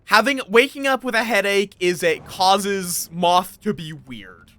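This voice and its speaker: Guy streaming a game, high bright voice, rambly and goofy, chatting w/ viewers. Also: lively intonation, unhurried. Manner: rambling, playful, greets chat. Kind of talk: casual live-stream chatter.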